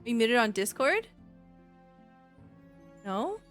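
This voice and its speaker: A woman hosting a casual post-game chat as game master, cheerful and quick to laugh. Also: a little high, very animated, a bit bright, faint music behind.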